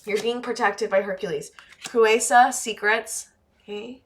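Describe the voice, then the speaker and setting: A woman's voice: on the high side, fairly even intonation, measured pace. Emotional woman giving a tarot reading. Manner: heated and emotional, swearing casually, softening to near-tearful quiet. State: emotional, voice dropping low. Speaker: tarot reader. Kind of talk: pick-a-card tarot reading to camera.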